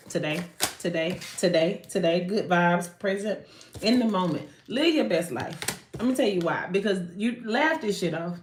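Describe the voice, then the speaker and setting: Woman, live tarot reading, animated, slangy, cursing, self-interrupting, echoey room. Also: mid-range voice, normal speed, slight background noise. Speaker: tarot card reader.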